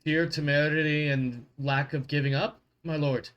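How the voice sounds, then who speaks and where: A man's voice: on the high side, fairly even intonation, moderate pace, a bit bright, muffled recording, lightly acted. A man voicing a tired male garrison commander who speaks formally and deferentially to a lord. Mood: dutiful.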